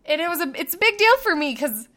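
A woman in her thirties shares family stories on a podcast, her voice pitched high. She talks casually and with animation, laughing easily and acting out what others said. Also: quick pace. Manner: animated, laughs often, acts out quotes. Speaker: podcast co-host. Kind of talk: casual storytelling chat.

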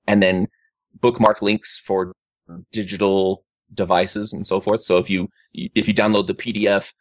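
Lower-voiced man chatting casually, restarting often. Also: dry recording. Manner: rambling, with many restarts and fillers. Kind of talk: casual group chat. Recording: dull lo-fi recording.

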